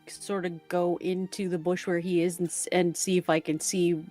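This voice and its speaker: A woman's voice: on the low side, little pitch movement, moderate pace, mellow, soft background music. A woman playing a tabletop game, a bit hesitant and playful. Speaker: player.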